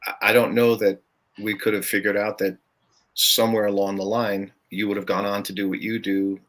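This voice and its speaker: An older man with a low, deep voice that still rings bright and forceful. He chats easily as a guest on a podcast, telling stories about gigs and laughing often along the way. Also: little pitch movement, normal speed. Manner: chatty, storytelling, laughs often. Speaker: guest musician. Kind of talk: casual podcast chat.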